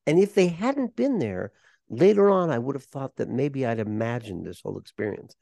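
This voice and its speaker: As a podcast guest, an older performer and voice coach warmly recounts anecdotes with lots of animation. His mid-range voice is gravelly and moderately paced, captured in clean studio sound with no echo.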